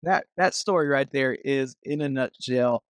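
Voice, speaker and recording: A man's voice: mid-range voice, measured pace, no echo. A man, a student pastor hosting a podcast, chatting casually and enthusiastically, calling his guest "man" and "dude".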